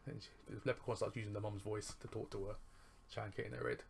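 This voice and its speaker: A man's voice: on the low side, level tone, fast, gravelly, a little hiss or hum. A man casually retelling a film's plot as a reviewer, rambling, chuckling and correcting himself as he goes. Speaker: movie reviewer.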